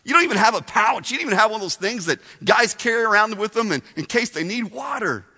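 A man's voice: high-pitched, very animated, moderate pace, pushed and bright, exaggerated voice. A man voicing a hardened, sarcastic woman who mocks a stranger, speaking in a reverberant hall. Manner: mocking, tough, sarcastic. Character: sarcastic hardened woman, smart-aleck villager.

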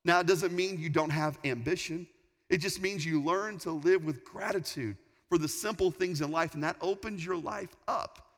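A man in his forties, a pastor, preaching a sermon with animated, emphatic storytelling. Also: a little high. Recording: long hall reverb.

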